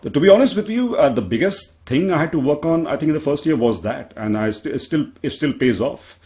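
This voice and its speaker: A man's voice: fairly high pitch, expressive, a little fast, noisy background. A man from India with an Indian accent, answering as a panelist in a discussion, earnest and self-deprecating, often restarting his sentences. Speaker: panelist, public speaker.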